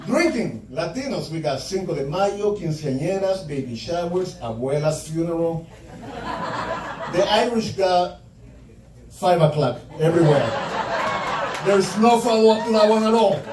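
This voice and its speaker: A man's voice: high voice, animated, a little slow, noisy background. A male stand-up comedian delivering a crude, punchy comedy set full of profanity in a comedy club. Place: comedy club stage before a laughing audience. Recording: echoey club room, mic at a distance.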